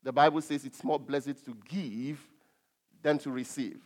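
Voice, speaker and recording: A man's voice: mid-range voice, fairly even intonation. A man preaching a sermon, stressing key words and often stopping on fillers and restarts. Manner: emphatic, drawn-out stresses with frequent fillers and restarts.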